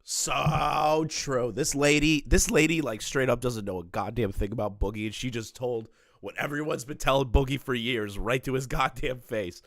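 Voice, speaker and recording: A man's voice: mid-range voice, normal speed, fairly bright tone, dry recording, studio quality. A man hosting a reaction commentary, ranting, swearing and laughing often, his voice strained. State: strained voice, not back to normal. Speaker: commentary host.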